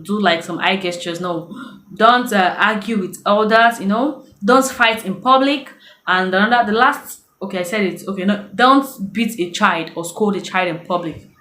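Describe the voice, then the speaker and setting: A woman's voice: medium pitch, a bit bright, a little hiss or hum. A woman from Nigeria with a Nigerian accent, giving casual advice in a storytelling way in a video blog. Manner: chatty storytelling, acts out quoted voices. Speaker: vlogger. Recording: echoey room.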